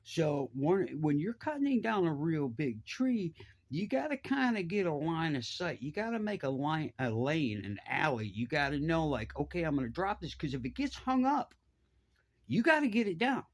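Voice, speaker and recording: A middle-aged man, telling a profane, animated story and jumping his voice around to act out the people in it. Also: normal speed. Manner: animated, profane, acts out voices with big pitch jumps. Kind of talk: casual storytelling.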